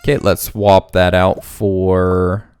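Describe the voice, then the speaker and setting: A man's voice: deep voice, little pitch movement, takes it slowly, darkish tone, a little hiss or hum. A man hosting a casual let's play, rambling and thinking aloud as he plays. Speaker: gaming channel host.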